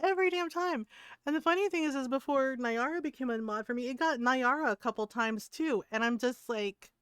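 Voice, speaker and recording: Middle-aged woman, game streamer, blunt and profane, laughs a lot, smooth clear voice, dry close sound. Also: high-pitched, a little fast, no room sound. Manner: blunt, swears freely, laughs often. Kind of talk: casual stream chat.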